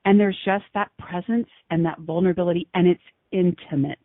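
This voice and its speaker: A woman's voice: lowish voice, fairly even intonation, fairly quick, no room sound. Giggly woman on a tinny phone line. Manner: laughs often, gushing and breathy. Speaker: radio show guest. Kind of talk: giggly casual chat.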